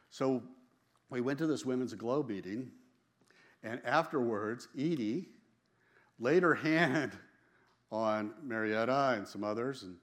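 A man sharing a personal religious testimony in a casual, storytelling way, emphatic and quick to laugh, often repeating and restarting his phrases. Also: mid-range voice, a bit bright.

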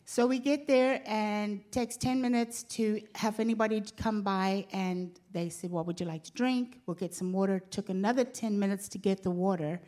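A woman, telling a lively personal story to a church congregation and acting out the voices of the people in it. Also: mid-range voice, moderate pace, few pauses. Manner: animated, acts out quoted voices. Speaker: pastor's wife telling a story.

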